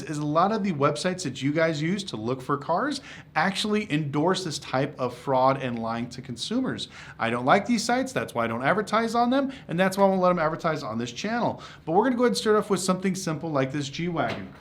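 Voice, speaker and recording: Blunt, animated man hosting a channel. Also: a little high. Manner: blunt, animated, acts out customer and dealer calls. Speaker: car sales consultant and channel host. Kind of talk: casual talk to camera.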